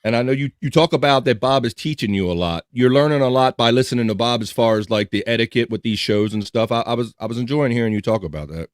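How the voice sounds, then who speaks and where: A man's voice: mid-range voice, quick pace, few pauses, dry recording, clean studio sound. A man hosting a podcast, asking loose, rambling questions and reassuring his guest. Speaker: podcast host. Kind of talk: casual chat.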